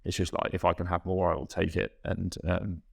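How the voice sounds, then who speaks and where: A young man, a guest rower, reflecting in a halting, self-correcting way in a casual podcast interview. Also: sits low, level tone, gravelly.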